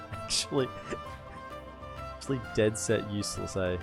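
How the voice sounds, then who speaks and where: A man's voice: on the low side, measured pace, vocal fry. A man casually commentating his strategy game as he plays, thinking aloud and amusing himself. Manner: rambling, self-amused, thinking aloud. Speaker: gaming streamer. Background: game music.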